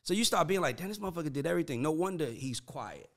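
Talking fast in a fairly high voice, a podcast host who manages writers and producers keeps things casual. He spins animated, profane, slang-heavy stories and leans hard on "like" and "dog."

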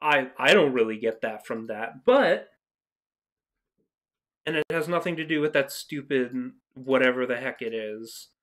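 Exasperated vlogger, ranting reaction style, swears, bursts out loud mid-sentence, mid-pitched voice. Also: animated, a little slow. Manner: reads quotes aloud and interrupts them. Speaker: video commentator.

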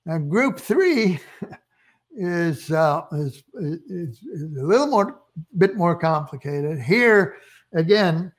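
Hesitant male lecturer, slightly high voice. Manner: hesitant, many fillers and restarts; enthusiastic about experiments, chuckles. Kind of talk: recorded lecture.

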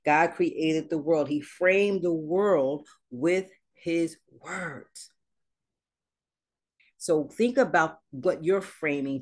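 A woman's voice: low-pitched, darkish tone. Woman preaching in a casual, chatty way. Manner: conversational preaching with slang and asides, ending in prayer. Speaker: minister. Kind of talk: casual sermon.

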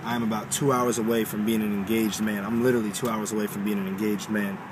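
A nervous young man records a casual video diary from a car. He talks haltingly and keeps repeating himself. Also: lowish voice, flat delivery. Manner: hesitant, halting, with many repeats. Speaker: filmmaker recording a behind-the-scenes video. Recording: loud car and air conditioning noise.

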